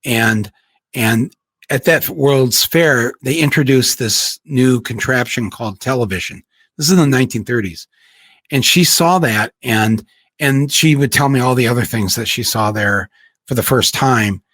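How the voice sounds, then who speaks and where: A male podcast host from Michigan speaking in a relaxed, reflective way, often restarting his sentences. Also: medium pitch, a little slow. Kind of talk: casual conversation.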